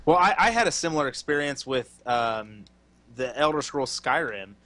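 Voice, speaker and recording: Male co-host, bright tone, rambling casual chat. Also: mid-range voice, animated, no echo. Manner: rambling, halting restarts, laughs easily. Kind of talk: casual gaming podcast chat.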